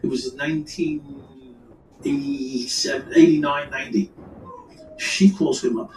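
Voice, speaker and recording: A man's voice: mid-range voice, steady tone, a little slow, a little mellow, roomy sound, recorded from a distance, soft background music, low-quality recording. A man telling a rambling, profane crime story in casual chat, full of restarts and quoted dialogue. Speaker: storyteller guest.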